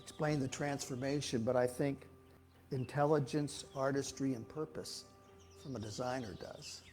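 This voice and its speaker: A man's voice: medium pitch, steady tone, moderate pace, a little mellow, faint music behind. A man giving an informal, folksy sermon at a church, talking in a rambling way with frequent restarts. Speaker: speaker giving a talk at a church.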